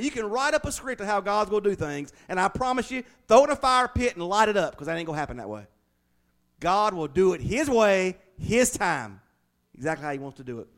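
A man preaching a sermon, telling folksy stories with big swings between loud and hushed delivery. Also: high voice. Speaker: pastor.

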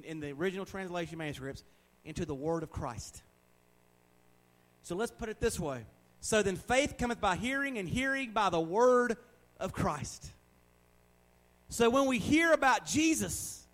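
A man's voice: fairly high pitch, poor audio. Preacher in his forties, joking and repeating. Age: 40s. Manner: conversational preaching, joking asides, repetition for emphasis. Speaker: pastor. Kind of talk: sermon.

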